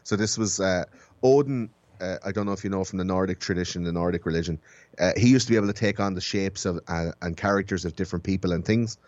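Low-voiced man rambling through a story. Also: fast, darkish tone, dry recording, highs cut off. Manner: rambling storyteller, restarts phrases while explaining history. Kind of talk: casual podcast chat.

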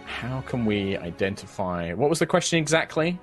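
A man acting as game master, reading spell rules and narrating the scene, with slow pauses and filler between descriptions. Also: mid-range voice, big pitch swings, faint music behind. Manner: reads spell rules briskly, slows for vivid scene description.

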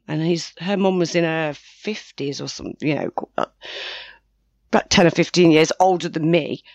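A woman's voice: deep voice, moderate pace, dry recording, lo-fi sound. A woman, telling a personal story in a rambling way, with frequent restarts and self-corrections. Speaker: interviewee. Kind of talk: personal account, casual.

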